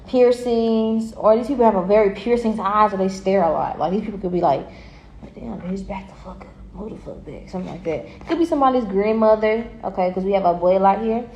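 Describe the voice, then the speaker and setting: A woman gives a casual tarot reading in a mid-pitched voice, blunt and full of profanity. She talks in an animated way and laughs often. The sound is roomy and echoey. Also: slight background noise. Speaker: tarot reader. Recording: echoey room.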